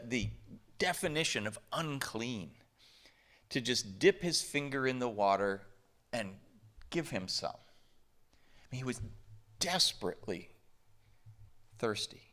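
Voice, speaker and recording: Pastor, male, from the southern US, bright lively voice, unhurried conversational sermon. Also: mid-range voice. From southern United States. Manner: conversational, emphatic preaching with rhetorical questions. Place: church sanctuary.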